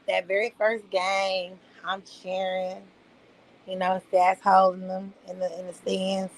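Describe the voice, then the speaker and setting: A woman in her thirties telling a story in a casual, animated way. She swears freely and calls the listener "girl". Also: mid-range voice, takes it slowly, rough recording. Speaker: vlogger.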